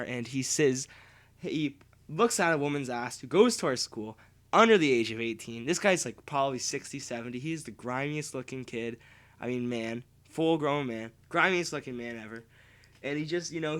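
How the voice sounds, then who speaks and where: Profane rambling young man. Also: mid-range voice. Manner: profane, rambling, swings between loud outbursts and muttering. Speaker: vlogger. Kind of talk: casual ranting monologue to camera.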